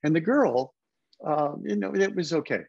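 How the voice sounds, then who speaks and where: An older man, husky and close to the mic with no room sound, tells stories in an easy interview. He drops into quick impressions when quoting people. The call audio is dull and lo-fi. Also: on the high side, animated, darkish tone, no echo. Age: 70s. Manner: anecdotal, slips into put-on voices for quotes. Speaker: guest actor. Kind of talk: casual interview storytelling.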